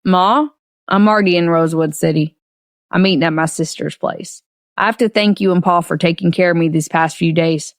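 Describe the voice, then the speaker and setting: A woman's voice: lowish voice, normal speed, no room sound, clean studio sound, lightly acted. A woman voicing a young man who speaks nonchalantly and matter-of-factly. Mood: gentle. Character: young man, casual unbothered brother.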